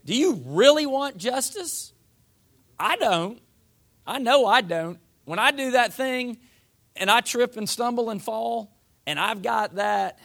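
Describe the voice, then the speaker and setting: A man's voice: very high voice, animated, takes it slowly, gravelly, a bit bright. A man preaching a sermon in a folksy, conversational way, reading scripture and acting out what people say. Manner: folksy, uses voiced asides for the people.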